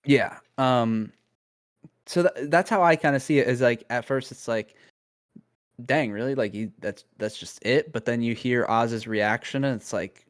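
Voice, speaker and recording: Here the young podcast co-host talks a little slowly at a medium pitch, working through his thoughts casually. The chat is thoughtful and riddled with fillers and restarts.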